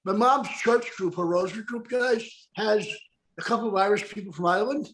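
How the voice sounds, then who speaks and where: A man's voice: sits high, brisk, fairly bright tone, a little hiss or hum, rough recording. A man hosting a casual podcast interview, rambling and chatty, often tagging questions onto his sentences. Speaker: podcast host.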